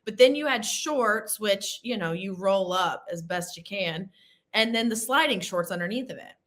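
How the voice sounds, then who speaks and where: A woman's voice: medium pitch, animated, normal speed, fairly bright tone. A woman, hosting an interview show in a playful, chatty, self-teasing way. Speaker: show host. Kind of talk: casual interview chat.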